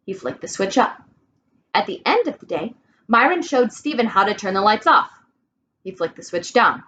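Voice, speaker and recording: A woman reading a children's storybook aloud, clear and expressive. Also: medium pitch, moderate pace, dull audio, a little hiss or hum. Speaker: reader.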